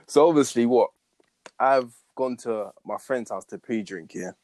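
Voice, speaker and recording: A man's voice: mid-range voice, unhurried, darkish tone, no room sound. A young man in casual chat, recounting a story in a slangy, matter-of-fact way. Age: young adult.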